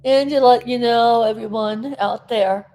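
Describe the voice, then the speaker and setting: Woman vlogger from South Florida, recovering and teary; slow, rambling, talks straight to viewers. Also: fairly high pitch, dark tone. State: recovering, tearful. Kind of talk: casual chat to camera.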